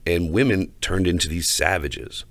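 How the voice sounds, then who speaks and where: A man's voice: deep voice, normal speed, fairly bright tone, dry recording. A man hosting a podcast, talking in a crude, swaggering, heated casual rant. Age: adult, older than co-host. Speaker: podcast host.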